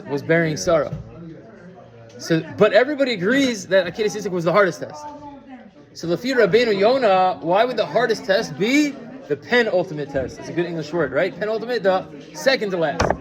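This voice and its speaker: A man with a fairly high voice teaches a class in a loose, chatty way, stumbling through restarts and throwing questions at his listeners. Audience noise can be heard around him in the room. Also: expressive, fairly quick, crowd noise. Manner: conversational, full of fillers and restarts, asks the listeners questions. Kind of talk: informal Torah lecture with storytelling.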